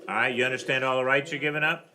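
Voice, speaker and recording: A man presiding as judge over bond hearings in a courtroom, briskly and formally reading out charges and bond amounts. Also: medium pitch, steady tone, pushed and bright. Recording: noisy courtroom recording.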